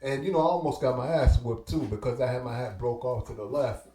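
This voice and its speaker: Appearing as a guest, a middle-aged man with roots in Belize and New York tells stories in relaxed street slang with a Belizean-Caribbean accent, performing the dialogue of those he quotes. He talks fairly quickly in a dark, medium-pitched voice, recorded in an echoey room.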